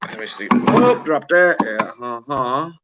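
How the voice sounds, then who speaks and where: A man's voice: mid-range voice, expressive, unhurried, muffled recording, very noisy. A man hosting a casual livestream from his phone, chatting and greeting viewers by name as he answers their comments. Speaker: livestream host.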